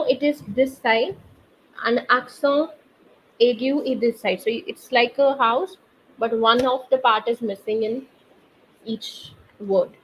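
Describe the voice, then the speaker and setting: A woman teaching a live online French class, explaining accents slowly and quizzing her students through the chat. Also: a little high. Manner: slow, patient, quizzes students via chat. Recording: slightly dull online class audio with faint noise.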